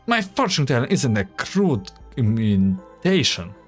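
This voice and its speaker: A man's voice: medium pitch, sing-song, a little slow, soft background music. A man voicing a formal, analytical female android doll who talks in stiff, data-driven phrases. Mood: unsure. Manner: stiff, data-citing, earnest.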